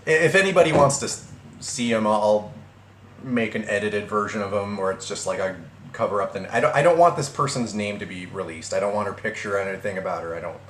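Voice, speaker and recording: A young man vlogging casually about a breakup, halting and restarting his sentences with many fillers. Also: on the low side, a bit bright. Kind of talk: casual personal vlog. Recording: echoey room with faint ambient noise.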